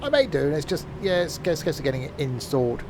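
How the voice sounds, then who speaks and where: A man streaming a driving game, chatting casually and rambling along with dry, dark humour. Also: fairly high pitch, very animated, fast, noisy background. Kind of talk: casual gameplay commentary.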